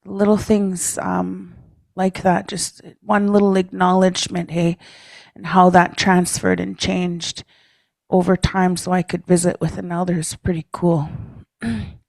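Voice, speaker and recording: Woman, gravelly voice, relaxed storyteller at a leaders' meeting, tags lines with "eh?", clears throat often. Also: on the low side, unhurried, dry recording. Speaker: speaker at a First Nations leaders' caucus. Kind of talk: personal talk to a meeting. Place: meeting room.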